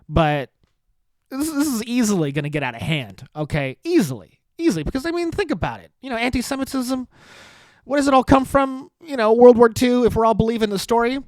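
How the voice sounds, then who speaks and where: A man's voice: high-pitched, big pitch swings, brisk, no echo. A man hosting a comedy podcast, ranting in a profane, sarcastic and rambling way, often cutting himself off. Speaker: podcast host.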